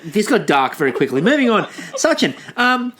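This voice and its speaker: A man's voice: high voice, big pitch swings, moderate pace, a bit bright, a little hiss or hum. An Australian man co-hosting a casual podcast, joking and laughing often as he chats. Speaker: podcast co-host. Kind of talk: casual chat.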